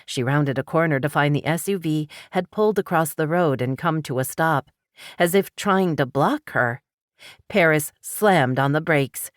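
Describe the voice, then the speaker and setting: Low-voiced woman narrating an audiobook. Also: measured pace, no echo, studio quality. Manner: steady, dramatic storytelling.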